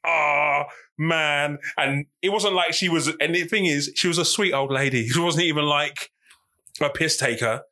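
A man's voice: a little high, measured pace, sharp tone. A man from London with a London accent, co-hosting a podcast in mock-tough, playful casual banter. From London, England. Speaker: podcast co-host.

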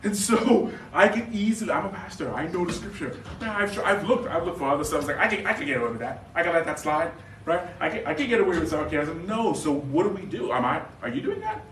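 An animated male pastor preaches to his congregation, his voice sitting a little high. He breaks into jokes and quick questions to the room. He is recorded in a roomy church from a distance, with faint noise behind him. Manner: animated, sarcastic humor, quick asides to the congregation. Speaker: guest pastor. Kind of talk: sermon. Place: church sanctuary.

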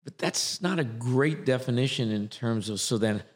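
A man who coaches actors, explaining his ideas in a lively, repetitive way during a conversational interview. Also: mid-range voice, normal speed. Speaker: acting coach.

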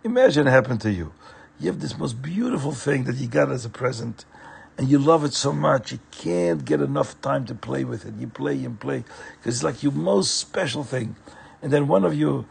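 A man telling a story to children in an animated way, at times turning to speak to the listeners directly. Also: mid-range voice, normal speed, creaky, slightly rough.

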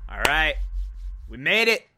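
A man with a high, bright voice gives a casual recap of a TV episode. He talks slowly and deliberately, then bursts into loud, emphatic exclamations. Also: sing-song, slight background noise.

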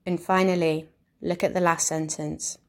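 Calm low-voiced woman narrating a lesson. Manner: calm, measured, explanatory. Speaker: instructor. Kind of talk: scripted instructional narration.

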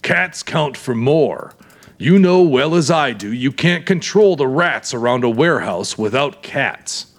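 A man's voice: mid-range voice, expressive, unhurried, pitched above the performer's own voice. A man voicing a surly, defiant aging warehouse owner who grumbles indignantly, in an audiobook reading. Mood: defiant grumbling. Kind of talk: audiobook character voice.

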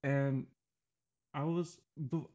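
A young man in his early twenties or younger, chatting casually on a podcast with a friend. His voice is a medium male pitch. He rambles playfully, restarts his sentences, and giggles between thoughts. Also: fairly even intonation, extremely slow, a little mellow. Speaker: podcast co-host, singer-songwriter. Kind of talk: casual chat.

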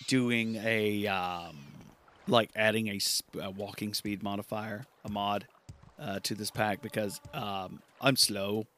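A man's voice: lowish voice, a bit bright. Rambling man chatting over gameplay. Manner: rambling, repeats himself, self-amused. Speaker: gaming podcaster. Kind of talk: casual gameplay commentary.

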